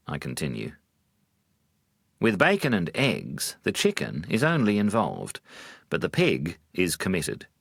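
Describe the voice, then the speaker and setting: A man, a Buddhist monk, telling humorous teaching stories in a measured way with dry wit. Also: low voice, wildly swooping pitch, vocal fry, a bit bright, no room sound. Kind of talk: storytelling talk.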